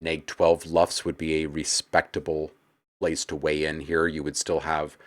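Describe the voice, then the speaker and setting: A man with a low, deep voice hosts a live stream and critiques tracks in a loose, conversational way. He talks frankly and coaches the listener, dropping plenty of fillers as he goes. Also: flat delivery, a little slow. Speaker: livestream host giving music feedback.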